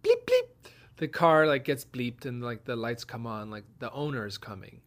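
A man telling a funny anecdote in casual chat, acting out the people in it. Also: moderate pace. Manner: animated, acts out quoted voices with big pitch jumps. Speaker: storyteller guest.

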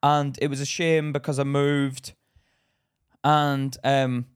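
A man's voice: mid-range voice, little pitch movement, slow pace, clear, resonant tone, dry recording, studio quality. A young man co-hosting a podcast, telling stories bluntly in casual chat, swearing freely and laughing at himself. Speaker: podcast co-host. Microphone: podcast mic.

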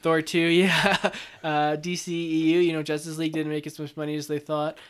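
A man co-hosting a casual movie podcast, laid-back and quick to laugh, with plenty of "you know" fillers. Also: fairly high pitch, little pitch movement, fairly bright tone, smooth. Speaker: podcast co-host. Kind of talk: casual chat.

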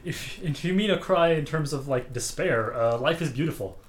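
A man's voice: a little high, animated. Hesitant man, echoey room. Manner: hesitant, halting storyteller. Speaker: podcast co-host. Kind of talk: casual chat.

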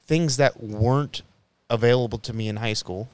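A man's voice: mid-range voice, moderate pace, a little mellow, clean tone, dry recording. A young man co-hosting a podcast round table, telling a long story in casual chat, swearing often and restarting his sentences. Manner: profane, rambling storytelling with frequent restarts. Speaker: podcast co-host.

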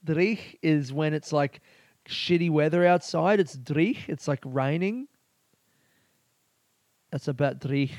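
A man's voice: fairly high pitch, measured pace, a little mellow, no echo. A man hosting a casual solo podcast, rambling and swearing freely as he talks. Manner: rambling, profane and laughing. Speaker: podcast host.

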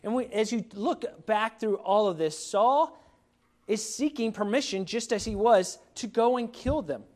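A man's voice: high-pitched, animated, measured pace, darkish tone. A middle-aged man, a pastor, preaching a sermon in a conversational way, with many fillers and restarts.

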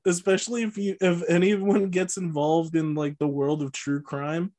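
With a voice on the high side, a darkish tone and little pitch movement, this man speaks at normal speed as he co-hosts a podcast, walking through a movie's plot in a laid-back way full of fillers and frequent laughter.

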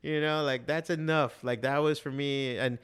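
A man in casual conversation, telling animated stories with a lot of swearing and acting out what other people said. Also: on the high side, normal speed, clean tone. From Miami, USA. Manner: animated storytelling, heavy swearing, quotes others in voices. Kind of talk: casual chat.

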